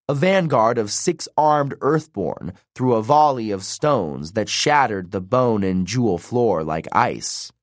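A low-voiced male audiobook narrator reads scripted narration slowly and deliberately, his pitch rising and falling dramatically. The sound is close and dry, with no room echo whatsoever.

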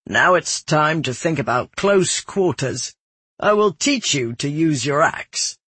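A man voicing a stern, measured male caravan guard captain who gives terse, carefully worded instructions, with a slightly husky voice. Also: fairly high pitch, expressive, bright, forceful tone, no room sound, full character voice.

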